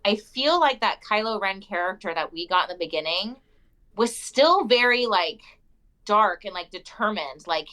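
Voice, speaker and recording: Bright-voiced young woman giving her opinion. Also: mid-range voice, animated, moderate pace, rough recording. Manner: chatty and opinionated, laughs often. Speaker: podcast co-host. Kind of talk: casual podcast chat.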